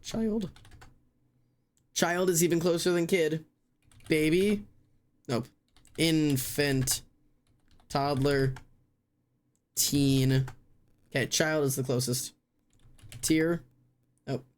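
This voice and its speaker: An unhurried streamer at a home setup, talking through a word-guessing game in slow, drawn-out phrases. The voice sits in a middle register, and they spell words aloud letter by letter while teasing themself over mistakes in loose live-stream chatter. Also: mid-range voice, fairly even intonation.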